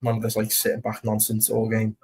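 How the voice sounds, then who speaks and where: A man's voice: on the low side, completely flat delivery, a little fast, darkish tone, breathy edge. A young man casually chatting and reading comments during a football watch-along stream, rambling and swearing now and then. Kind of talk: casual live-stream chat.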